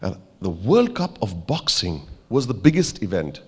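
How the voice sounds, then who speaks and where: A man giving a motivational keynote in a large auditorium, an animated, playful storyteller who banters with the crowd. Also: fairly low pitch, normal speed, breathy edge. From India. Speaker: keynote speaker. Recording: long hall reverb.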